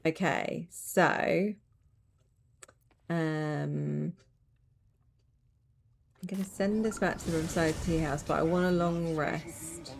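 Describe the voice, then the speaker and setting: A woman's voice: sits low, steady tone, slow pace, gravelly, long pauses, slight background noise. A woman streaming a game, chatting casually with rambling asides and giggles. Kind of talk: casual let's-play commentary.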